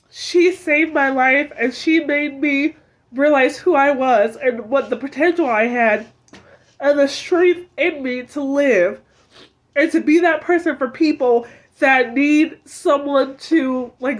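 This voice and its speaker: A young woman in her twenties tells a deeply personal story in a high voice. She speaks in a heartfelt, searching way, leaning often on "like" and "um". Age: 20s. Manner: heartfelt, fills speech with "like" and "um". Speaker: vlogger sharing a personal story. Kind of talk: emotional personal testimony.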